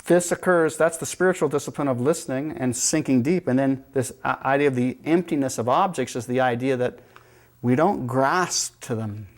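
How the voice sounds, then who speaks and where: A man teaching yoga philosophy in a calm, reflective manner and telling teaching stories. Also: medium pitch, moderate pace. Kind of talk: spiritual lecture.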